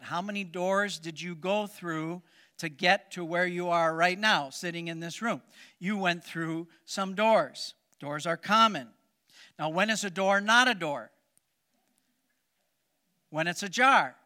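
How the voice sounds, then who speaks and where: High, bright-voiced joking pastor. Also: male voice, clear, resonant tone. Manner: joking, with corny puns; emphatic, with many fillers. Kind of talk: sermon. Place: church service before a congregation.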